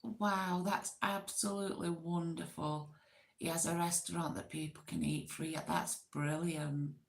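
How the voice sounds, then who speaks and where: A woman's voice: fairly low pitch, fairly even intonation, measured pace, gravelly. A woman hosting a casual, rambling live chat with viewers, giggly and self-deprecating. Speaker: livestream host.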